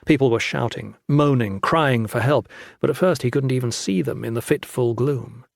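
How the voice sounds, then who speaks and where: A man narrating a fantasy audiobook with steady, dramatic storytelling on a close studio mic. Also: mid-range voice, moderate pace, creaky, no echo.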